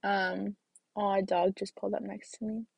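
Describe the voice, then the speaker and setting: A woman's voice: mid-range voice, little pitch movement, moderate pace, gravelly, darkish tone, slightly rough, dry recording. A young woman in her twenties, a student, telling a rambling, filler-heavy story in a casual vlog, a bit congested. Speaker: student vlogger.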